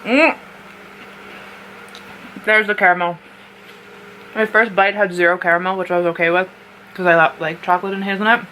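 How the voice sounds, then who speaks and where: A woman's voice: lowish voice, steady tone, moderate pace, long pauses, sharp tone, low-quality recording. Chatty woman vlogging over background noise. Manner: eats snacks while talking, rambling and giggly. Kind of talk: casual chatty unboxing vlog. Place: home, indoors.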